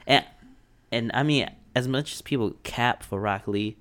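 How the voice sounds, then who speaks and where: A man's voice: mid-range voice, moderate pace, fairly bright tone. A man co-hosting a casual chat, talking bluntly in slang, cursing and laughing often. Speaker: podcast co-host.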